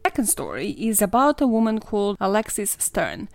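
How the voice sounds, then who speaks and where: A woman's voice: mid-range voice, sing-song, normal speed, gravelly, no echo. A woman hosting a podcast, telling a true-crime story in a casual, sarcastic way, swearing and laughing often. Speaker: podcast host.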